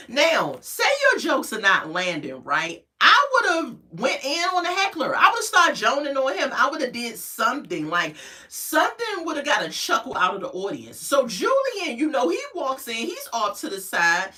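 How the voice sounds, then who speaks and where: A woman speaking gossips through a reality-show recap in a bright, high, very lively voice, with sassy asides and frequent laughter. She sits a little back from the mic. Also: normal speed, recorded from a distance. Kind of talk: casual recap chat.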